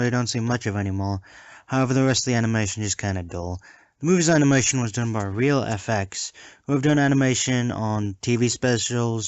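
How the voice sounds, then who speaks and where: A man's voice: fairly low pitch, no room sound. A man giving a sarcastic, jokey scripted movie review with mocking asides. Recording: dull lo-fi home mic.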